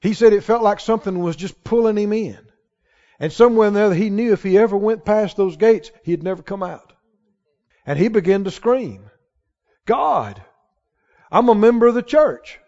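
A male pastor preaching a sermon to a congregation, emphatic and rising to shouts on key lines. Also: high voice, normal speed. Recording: dull sound with long hall reverb.

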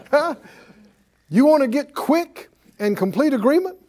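Slow, lively high-voiced male preacher. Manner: animated, keeps quizzing the audience with "Huh?". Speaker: preacher and Bible teacher. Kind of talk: sermon.

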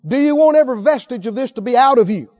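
High-voiced emphatic male preacher. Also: animated, fast talker, dark tone, highs cut off. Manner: emphatic, asks the congregation questions. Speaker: pastor. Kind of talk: sermon.

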